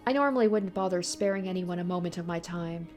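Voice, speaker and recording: A woman reading aloud the lines of a mysterious female witch in a visual novel, calm and faintly mocking. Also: fairly low pitch, fast, faint music behind, natural voice. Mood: cool, mocking.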